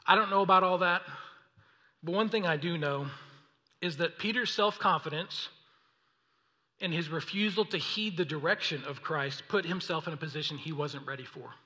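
A man preaching a sermon, reading scripture and acting out the people in the story in an animated way. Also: a little high, moderate pace. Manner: animated, acts out voices of the story. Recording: long reverb of a hall.

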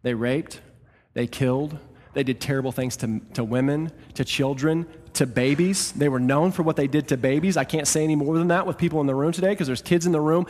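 A male pastor delivers an impassioned sermon, rising to loud, emphatic peaks before dropping into quieter, conversational asides. His voice sits a little high for a man. A long reverb trails each phrase, as in a church hall. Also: a little fast.

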